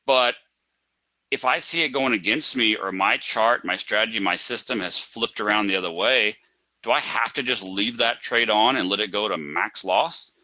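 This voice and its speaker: A man's voice: on the low side, moderate pace, pushed and bright, no room sound, poor audio. A man teaching a live trading webinar, asking rhetorical questions and acting out a panicked trader. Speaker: trading instructor.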